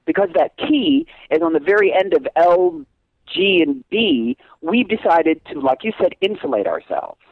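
A man who teaches acting, talking in a casual interview with an animated, emphatic manner. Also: moderate pace, dry recording. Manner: animated, emphatic, swoops up and down in pitch. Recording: dull lo-fi recording.

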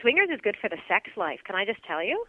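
A woman's voice: medium pitch, huge pitch swings, fast talker, no echo. A woman co-hosting a podcast in casual chat, bubbly and teasing, laughing often. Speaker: podcast co-host and radio morning show host. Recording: tinny phone-like line.

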